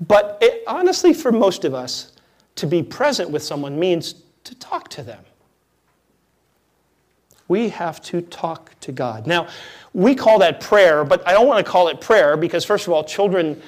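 A man preaching a conversational, jokey sermon as a pastor, his delivery dropping to a hush and then rising loud. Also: high-pitched. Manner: conversational, jokey, swings between hushed and loud.

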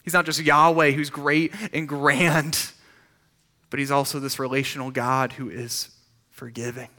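Bright-voiced man preaching conversationally. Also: medium pitch, flat delivery. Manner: conversational, with quick restarts and rhetorical questions. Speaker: pastor. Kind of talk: sermon.

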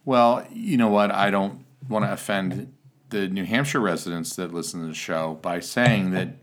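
A man's voice: low voice, moderate pace. A man hosting a comedy podcast at home, talking in a wry, grumbling way and swearing casually. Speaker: podcast host. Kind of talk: casual chat.

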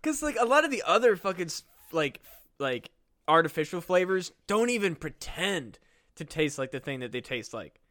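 A young man with a high voice co-hosts a comedy podcast. His tone is bright and forceful as he riffs, swears freely and laughs through loose, casual banter. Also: very animated, moderate pace. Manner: profane, laughing, riffing. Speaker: podcast co-host.

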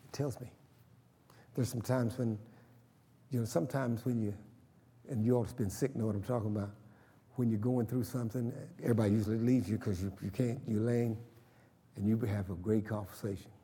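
A man's voice: fairly low pitch, steady tone, a little fast, long pauses, mellow, breathy edge, long reverb tail. A man preaching a sermon, emphatic and calling for responses from the congregation. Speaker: pastor.

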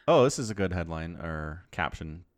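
A man co-hosting a podcast, talking casually with a sarcastic, animated delivery. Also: moderate pace. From not Australian. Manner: animated, sarcastic, jumps high in pitch for emphasis. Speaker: podcast co-host. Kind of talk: casual chat.

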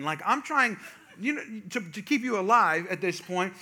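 A man telling a humorous family story to a live audience, with chatty asides to the crowd. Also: high-pitched. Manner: animated, jokey asides to the audience; quick, chatty, self-interrupting. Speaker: speaker addressing a live audience.

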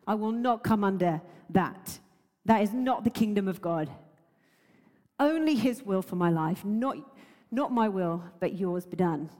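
A woman's voice: mid-range voice, animated, measured pace, darkish tone, long reverb tail, voice pushed down, natural voice. A woman preacher voicing a stern man rebuking the tempter with annoyed authority. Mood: stern rebuke. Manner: annoyed, commanding.

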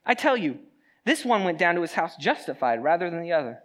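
A pastor preaching a sermon in a conversational, animated way, with joking asides to the congregation. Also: medium pitch, fairly quick.

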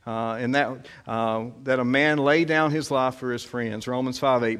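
Halting conversational male preacher. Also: medium pitch, a bit bright, clear, resonant tone. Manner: conversational, halting, many fillers. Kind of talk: sermon.

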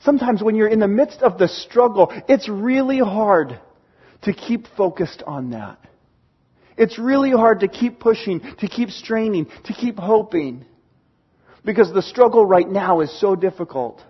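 High, husky-voiced preacher man. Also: expressive, measured pace, dull audio. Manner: earnest, encouraging, drops to a hush for emphasis. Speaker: pastor. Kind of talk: sermon.

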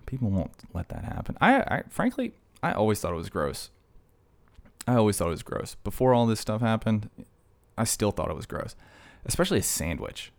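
Deep-voiced man rambling in a vlog. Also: big pitch swings, moderate pace, creaky. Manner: joking, digressive storytelling. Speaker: vlogger. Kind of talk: casual rambling monologue.

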